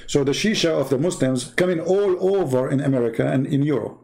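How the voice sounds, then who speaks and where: Guy ranting sarcastically to his viewers, raspy fry in his voice, lots of rhetorical questions. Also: fairly high pitch, a little fast, warm tone. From Arab Middle East. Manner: mocking, emphatic, rhetorical questions. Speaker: online commentator. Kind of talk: sarcastic monologue to camera.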